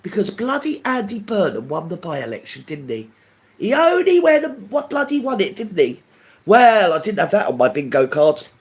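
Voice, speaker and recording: A man's voice: high voice, moderate pace. An older man hosting a live stream, chatting to viewers in a camp, gossipy way and calling everyone darling. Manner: lively and animated, swinging up and down. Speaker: livestream host. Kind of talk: casual chat with live viewers.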